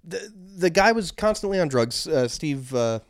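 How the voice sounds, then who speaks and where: Telling stories at an easy, loose pace, this man co-hosts a casual podcast in a slightly high, expressive voice at moderate speed. He wanders, circles back, restarts and leans on "um" and "like." The mic sits close, dry, with no room sound.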